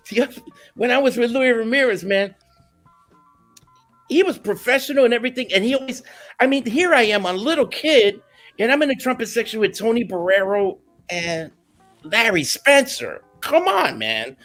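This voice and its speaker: New guy telling old gig stories, highish voice, laughs a lot, faint music under it. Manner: animated, laughing, slips into Spanish phrases. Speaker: guest musician. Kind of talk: casual storytelling interview.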